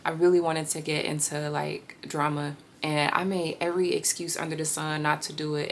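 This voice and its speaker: Gravelly low-voiced woman, reflective storytelling. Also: a little hiss or hum. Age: 30s. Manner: reflective, with pauses and fillers. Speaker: vlogger sharing a healing story. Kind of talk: candid personal storytelling.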